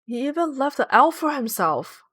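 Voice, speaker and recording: A woman's voice: sits high, big pitch swings, normal speed, fairly bright tone. A woman streaming a game, chatting casually and giggling as she reads viewer messages aloud. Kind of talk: casual livestream chat.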